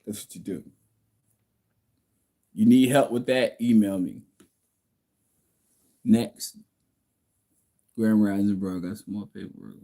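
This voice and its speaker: Low mellow dude on a home livestream, blunt and preachy, answering chat. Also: male voice, steady tone, slow, long pauses. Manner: blunt, preachy, reads out viewer comments. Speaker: livestream host answering viewer questions.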